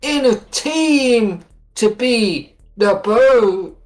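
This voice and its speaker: A woman voicing an easygoing young male surfer type who shouts cheerfully in slang. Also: a little high, lively intonation, extremely slow. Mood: excited. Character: laid-back loud surfer-dude young man.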